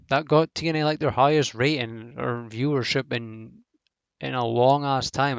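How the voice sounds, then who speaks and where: Guy with a gravelly voice rambling through a wrestling review, swears a lot, dull dry lo-fi mic. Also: medium pitch, no echo. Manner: rambling, blunt, swears freely, many fillers. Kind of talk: casual spoken review.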